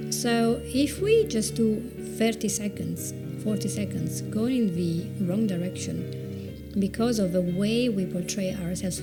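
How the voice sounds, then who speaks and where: Chatty woman giving advice. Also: medium pitch. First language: Italian. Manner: chatty, self-mocking, repeats words while thinking. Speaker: video presentation coach. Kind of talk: conversational advice talk.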